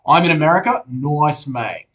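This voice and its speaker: Young Australian male streamer, relaxed casual chat host, sweary and matey. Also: on the high side, normal speed. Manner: laid-back, swears often, calls viewers mate.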